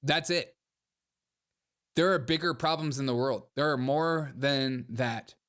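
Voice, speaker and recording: A man's voice: mid-range voice, measured pace, smooth. Sarcastic male livestream host. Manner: sarcastic, mocking, animated. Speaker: host reacting to comments and clips. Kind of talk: casual livestream commentary.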